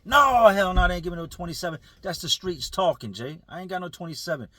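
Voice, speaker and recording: A man voicing a gruff, streetwise male prisoner in a story he retells. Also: a little high, quick pace, a bit bright, dry recording. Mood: emphatic. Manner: emphatic, dismissive.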